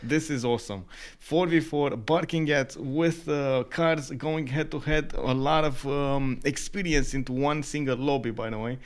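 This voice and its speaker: A man co-casting a strategy game tournament, talking in a halting way full of uh and um and laughing easily. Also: medium pitch. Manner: halting, filler-heavy talk, many uh and um; quick to laugh. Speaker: esports co-caster. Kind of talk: live game commentary.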